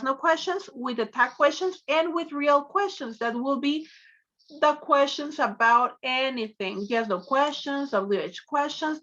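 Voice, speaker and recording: High bright woman teaching. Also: highs cut off. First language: Spanish. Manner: explains slowly, switching between English and Spanish. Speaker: English teacher. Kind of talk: online class lecture.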